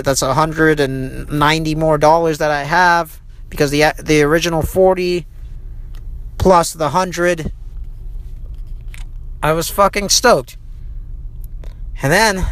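A man's voice: high voice, fairly bright tone. A man hosting his own podcast, telling a story in a casual, profane rant that runs heated, with frequent restarts. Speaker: podcast host. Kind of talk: casual ranting monologue. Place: inside a vehicle.

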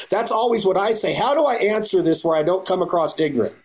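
A man's voice: high-pitched, lively intonation, fast, few pauses. A man hosting a podcast, speaking in a casual, conversational way, sometimes searching for words. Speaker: podcast host. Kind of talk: casual chat.

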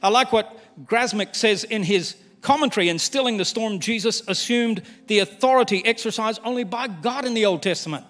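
An older man preaching a sermon as pastor, candid and animated, with humor and acted-out quotes. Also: sits high, fairly quick, few pauses. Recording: long hall reverb.

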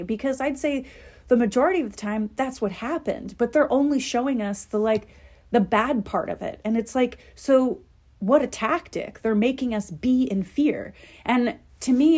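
A woman's voice: on the high side, darkish tone. A young adult woman hosting a podcast, talking in a casual, opinionated monologue, chatty and emphatic with lots of "like". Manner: chatty, heavy use of "like", emphatic. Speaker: podcast host.

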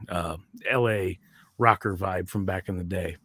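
A man's voice: deep voice, a little slow, a bit bright, slightly rough, no room sound, studio quality. A man co-hosting an album review, thinking aloud in a loose, rambling way with lots of fillers. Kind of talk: casual chat.

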